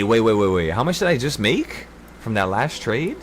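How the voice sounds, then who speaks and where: Intense, animated man giving a pep talk. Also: medium pitch, normal speed, a little hiss or hum. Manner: intense and preachy, with profanity and repetition. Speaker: trading group leader. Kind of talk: livestream pep talk to traders.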